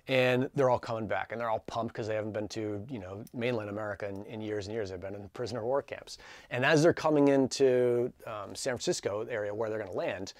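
A man in his forties telling a story in a casual, energetic, chatty way, full of fillers like "like" and "dude". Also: lowish voice, no echo. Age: 40s. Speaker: channel host.

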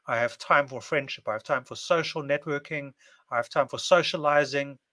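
A man's voice: fairly high pitch, fairly bright tone. A man giving a casual monologue to camera, speaking in repetitive, list-like phrases. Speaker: video presenter.

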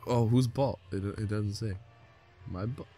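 A young man giving casual, profane commentary while playing a basketball video game with a friend, trash-talking and yelling on big plays. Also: lowish voice, measured pace, faint music behind. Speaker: gamer.

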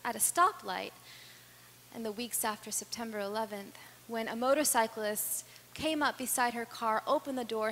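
A woman with a fairly high voice tells personal stories from a stage, earnest and deliberate, pausing for effect. Her words ring out with a long hall reverb, and a faint hum sits underneath. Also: fairly bright tone. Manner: earnest, dramatic pauses and rising intensity. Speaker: speaker. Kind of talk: personal storytelling speech.

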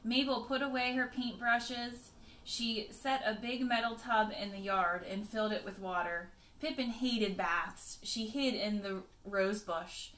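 A woman teacher reading a picture book aloud to children, expressive, with chatty asides to her pupils. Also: fairly high pitch, a little slow, echoey room.

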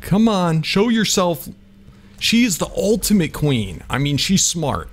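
A man giving excitable let's-play commentary over a game, often yelping and exclaiming. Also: high voice, a little slow, a little hiss or hum. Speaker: gaming YouTuber.

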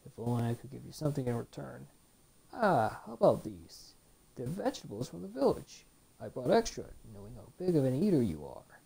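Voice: medium pitch, sing-song, fairly quick, vocal fry, mellow, husky, exaggerated voice. A woman reading the lines of a grateful, humble village man in a video game, earnest and thankful.

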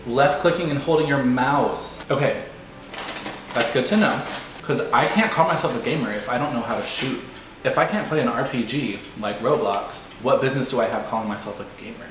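A man's voice: brisk, heavy reverb, rough recording. A man giving a casual, self-mocking commentary on a video game he is playing. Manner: playful, self-mocking, sudden high-pitched squeals.

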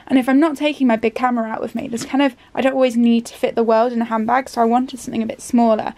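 Young girl vlogging in her bedroom, rambly and chatty, bit of vocal fry, slightly high voice. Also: flat delivery, very fast, a little mellow. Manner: rambling, chatty, lots of fillers. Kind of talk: casual vlog chat to camera. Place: bedroom at home. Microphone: handheld vlog camera.

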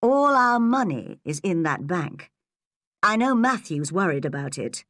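A weary older farm woman, read by a woman narrator, slow and subdued in her storybook lines. The voice is close and dry, with lively shifts of pitch. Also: no room sound. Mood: worried. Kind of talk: storybook reading.

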